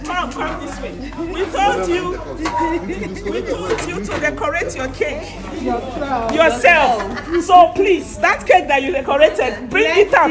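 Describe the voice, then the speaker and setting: A woman with a Nigerian accent, a cake baker vlogging, talking loudly and teasing, often laughing. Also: high-pitched, expressive, unhurried. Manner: loud, teasing, bursts of laughter. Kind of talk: casual vlog chat. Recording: loud music and crowd behind.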